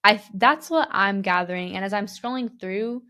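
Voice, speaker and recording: Young woman, podcast co-host, casual chat, chatty, says "like" a lot, mid pitch. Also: moderate pace, sharp tone. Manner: chatty, fillers like "like", reacts with disbelief. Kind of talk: casual chat, reading a story aloud.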